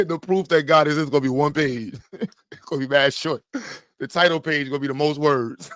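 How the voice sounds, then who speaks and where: A man riffs loosely in casual, trash-talking chat, with a voice pitched a little high and lots of laughter. His speech is slangy and playful. The recording is dry and close, with no room sound. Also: fairly quick, no room sound. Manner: animated, laughing, slangy and teasing.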